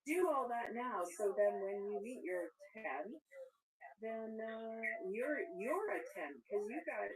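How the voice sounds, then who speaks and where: A woman, a mother, giving lively, repetitive dating advice in a casual conversation. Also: a little high, slow pace, distant mic, crowd noise, poor audio. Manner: animated, advice-giving, repeats herself. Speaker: guest, mother of a friend of the host.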